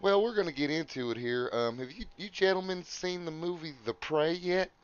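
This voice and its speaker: A man's voice: on the high side, normal speed, clean tone, muffled recording. A man with a drawl hosting a comedy podcast, talking in a mock-earnest put-on persona. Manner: mock-earnest, breaks into laughter. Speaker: podcast host.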